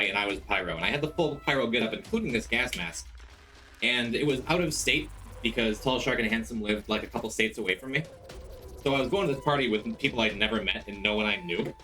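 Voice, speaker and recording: A male streamer chats casually and rambles through his stories. His pitch swings widely as he greets his viewers by name. Faint music plays in the background. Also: bright, forceful tone. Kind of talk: casual chat on a game stream.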